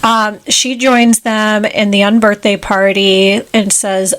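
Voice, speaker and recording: A woman's voice: medium pitch, level tone, slow pace, hardly any pauses, fairly bright tone. A woman co-hosting a podcast, casually recapping a film and quoting characters in playful voices. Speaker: podcast co-host.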